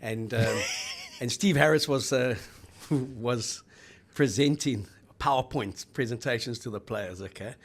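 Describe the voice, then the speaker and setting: A man's voice: mid-range voice, unhurried. A South African man co-hosting a casual rugby chat, telling rambling stories with fillers. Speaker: co-host.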